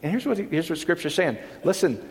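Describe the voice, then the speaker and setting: Guy preaching in a big echoey hall, kinda high voice, chatty, keeps asking if ya follow. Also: very animated, a little fast. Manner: conversational, checks in with the audience. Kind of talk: sermon. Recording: long hall reverb.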